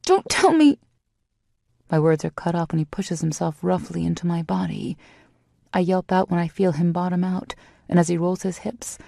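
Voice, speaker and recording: A woman narrating a first-person romance audiobook in an intimate, steady storytelling manner. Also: fairly low pitch, vocal fry, no echo, clean studio sound.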